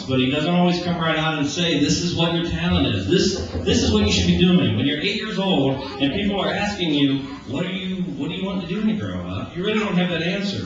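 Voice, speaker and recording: A man in his forties gives a loose, joking sermon and often slips into acted-out bits of everyday talk. His pitch swings widely as he preaches. He is heard from far off in a very echoey church, on a dull, lo-fi recording with a clear hiss behind him. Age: 40s. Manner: animated and joking, acting out everyday dialogue. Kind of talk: casual conversational sermon. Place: church sanctuary.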